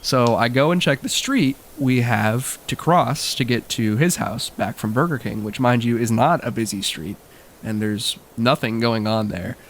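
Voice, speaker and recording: A man's voice: medium pitch, a little slow, slight background noise. A young man telling a childhood story in a wry, casual way, laughing often.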